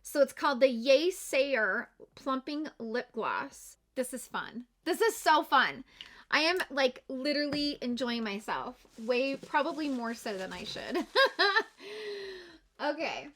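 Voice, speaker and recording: A woman's voice: sits high, expressive, measured pace, a bit bright, slight background noise. A young adult woman, a beauty vlogger, chatting through a makeup unboxing and gushing with gasps and exclamations. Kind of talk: excited unboxing chat.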